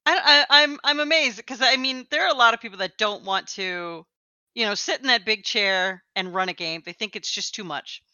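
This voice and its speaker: A woman's voice: a little high, normal speed, pushed and bright, no echo, lo-fi sound. A woman co-hosting a podcast in casual chat, teasing and laughing often. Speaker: podcast co-host.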